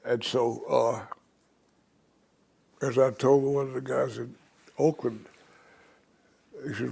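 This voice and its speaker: A man's voice: medium pitch, fairly even intonation, very slow, vocal fry, pauses often, mellow, husky. An older man, a guest in an interview, telling long, rambling stories from his life and acting out the voices of the people in them. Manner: rambling anecdotal storyteller who acts out quoted voices. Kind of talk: storytelling in an interview.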